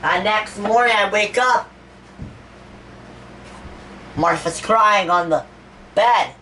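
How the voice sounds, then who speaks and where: A woman's voice: mid-range voice, slow pace, sharp tone, far from the mic, a little hiss or hum, pitched above the performer's own voice, rough recording. A woman voicing a grieving young man who gives a rambling, stammering eulogy in a homemade toy-figure animation. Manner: stammering, repeats words, rambling. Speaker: eulogy speaker.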